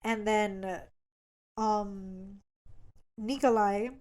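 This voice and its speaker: A woman's voice: medium pitch, little pitch movement, very slow, darkish tone. A woman co-hosting a podcast, recapping a book in casual, profane slang and acting out the characters' lines. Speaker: podcast co-host.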